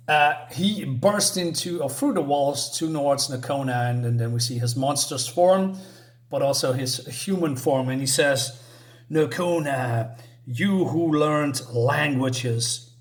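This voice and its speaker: Male comic reviewer, casual and halting, mid-range voice. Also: mid-range voice. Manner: halting, with many restarts and filler words.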